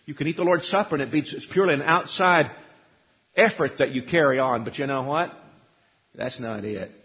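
A man's voice: mid-range voice, brisk, fairly bright tone, in a large hall. A man preaching a sermon, quoting scripture and asking his congregation questions, rising to emphatic peaks. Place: church sanctuary.

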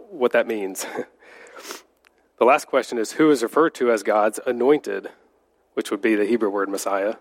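A man with a low voice and a congested, slightly nasal sound leads a church Bible class while getting over a cold. He speaks in a relaxed, conversational way, full of ums and restarts as he walks through the lesson. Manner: conversational, with frequent fillers and restarts.

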